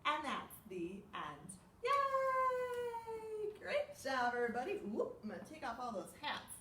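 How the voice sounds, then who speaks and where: Her voice sits a little high and moves at a moderate pace as this children's librarian reads a story aloud, animated and full of gasps and questions aimed at the little ones. There's slight background noise, and she's distant from the mic in a room with echo.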